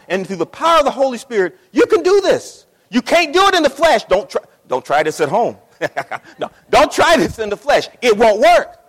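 Male pastor preaching, very high and lively voice, repeats himself for emphasis, long hall reverb. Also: normal speed. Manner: impassioned, repeats phrases, acts out quoted voices. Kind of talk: sermon.

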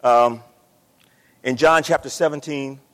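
A man with a mid-range, steady, fairly bright voice preaches unhurriedly as a pastor. His sermon is still impassioned, with repeated phrases and dramatized quoted voices, and the recording carries a large hall's long reverb.

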